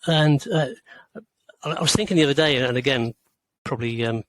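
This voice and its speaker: A man in his sixties from rural England, an author answering interview questions in a hesitant way, with many pauses and restarts. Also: medium pitch, low-quality recording. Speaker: author, guest.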